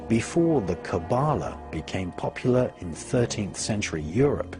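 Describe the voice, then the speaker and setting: A man giving scripted documentary narration in a measured, deliberate way, his phrases falling at their ends. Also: lowish voice, very animated. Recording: voice-over with clear background music.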